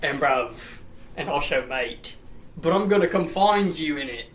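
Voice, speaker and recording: A man putting on a mocking, loud British-slang voice for a young man. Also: on the high side, animated, unhurried, roomy sound. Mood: taunting.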